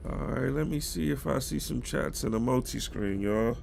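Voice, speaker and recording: A man's voice: medium pitch, normal speed, vocal fry, darkish tone, slight background noise. A man with a cold and a stuffy nose, chatting casually with his live-stream viewers about football news. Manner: chatty, greets chat viewers directly.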